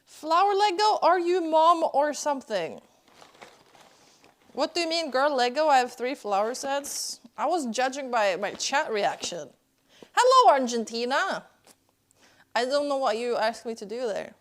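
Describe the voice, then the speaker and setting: Young female streamer, bit higher voice, chatty and teasing, talking to chat from home. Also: animated, measured pace, fairly bright tone. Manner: playful, chatty, reads and answers chat. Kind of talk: casual live-stream chat. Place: indoors at home, kitchen.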